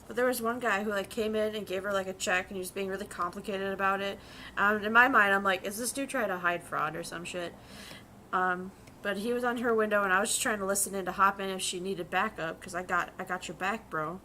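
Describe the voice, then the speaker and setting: Young woman streamer, bright forceful tone, casual profane storytelling at her desk mic, faint hiss behind. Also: mid-range voice, steady tone, brisk. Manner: chatty, profane, storytelling with quoted voices. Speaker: vtuber streamer and bank teller. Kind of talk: casual chat while drawing.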